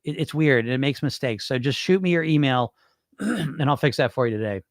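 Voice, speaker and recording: A weight loss hypnosis coach hosts his podcast, answering viewer questions in a loose, rambling chat with casual swearing. His mid-range voice is animated and brisk, captured in clean studio sound with no echo.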